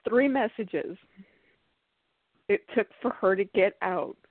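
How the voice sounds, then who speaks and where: A woman's voice: mid-range voice, takes it slowly, no echo. Woman telling a story and cracking up, sounds like a phone line, dry. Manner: animated, laughs through her story. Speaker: podcast host. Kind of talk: casual storytelling.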